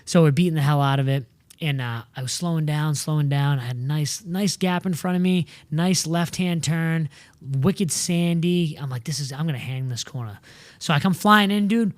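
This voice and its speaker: New england dude telling a wild story, kinda high voice, dry close mic, swears a lot. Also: male voice, normal speed, no echo. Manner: animated, swears freely, acts out quoted voices. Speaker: co-host. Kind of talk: casual storytelling.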